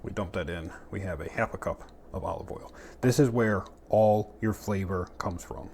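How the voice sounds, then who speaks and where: A man who cooks at home shows off a recipe in his kitchen, chatting and joking to himself along the way. His low, gravelly voice has a darkish tone and moves at a normal speed, with a faint hiss or hum on the recording and pans and utensils clattering behind him.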